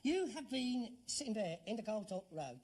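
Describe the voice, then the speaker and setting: A man's voice: high-pitched, sing-song, normal speed, darkish tone. A man playing a sarcastic, scornful grown son in a sitcom, with a mocking, exasperated way of talking. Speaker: actor in sitcom. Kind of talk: 1970s sitcom acting.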